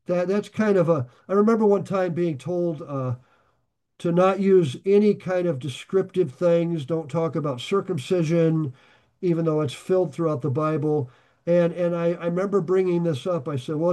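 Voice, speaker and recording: High-voiced man teaching from scripture. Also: warm tone. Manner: reads scripture aloud, then explains it in a loose joking aside. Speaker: Bible teacher. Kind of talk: conversational Bible study sermon.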